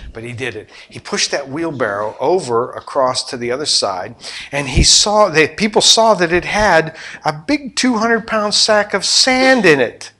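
Male pastor, sermon, animated storyteller, bright tone, slightly high voice. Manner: animated storytelling, swings between loud and hushed.

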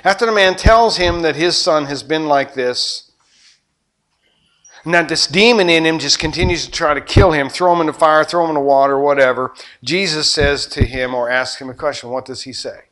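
A man preaching a sermon, animated, acting out scenes and shifting between loud and soft. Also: a little high, normal speed. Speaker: pastor.

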